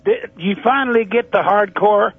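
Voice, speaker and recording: An older man speaking as an interview guest in a slow, easygoing way. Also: high-pitched, dry recording. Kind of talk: phone interview. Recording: muffled phone line.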